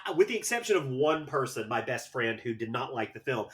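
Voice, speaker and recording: A man's voice: medium pitch, big pitch swings, fairly quick, fairly bright tone. A man who is a guest on a podcast, talking about films in an eager, earnest way. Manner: eager, earnest movie fan. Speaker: podcast guest arguing as defense. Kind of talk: casual podcast chat.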